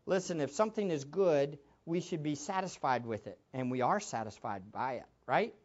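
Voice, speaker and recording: A man's voice: a little high, animated, moderate pace, lo-fi sound. A man preaching a sermon as a pastor, emphatic, with much repetition for stress.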